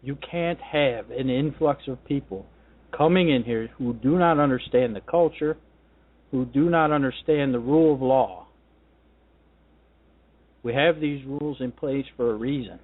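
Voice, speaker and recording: A man's voice: medium pitch, measured pace. Combative man ranting on talk radio. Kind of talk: political talk radio monologue. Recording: tinny phone-line sound.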